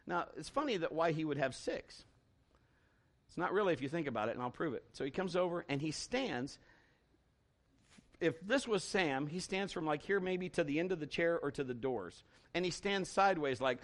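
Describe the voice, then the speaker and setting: His voice sits on the high side and moves at a moderate pace as this middle-aged man preaches. Telling a folksy story as a pastor, he gets animated, restarts a lot, and voices the quotes.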